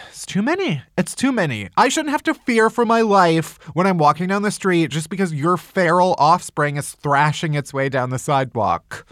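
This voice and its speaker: Male comedy podcast host, over-the-top rants, swings his pitch wildly, dry close sound. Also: lively intonation, moderate pace, a bit bright, no echo. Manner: theatrical, exaggerated ranting with swearing.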